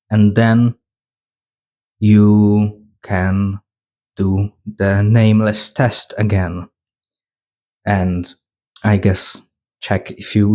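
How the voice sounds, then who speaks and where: A man's voice: lowish voice, a little mellow. A man voicing a blunt, stern woman police chief in a casual mocking parody.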